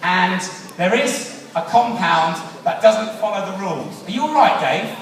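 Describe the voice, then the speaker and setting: A man's voice: high-pitched, expressive, unhurried. An English man presenting a live science show on stage, playful and teasing with a theatrical flair, on a handheld mic. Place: large hall stage before an audience. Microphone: handheld microphone. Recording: echoey hall from far off, crowd. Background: audience murmur.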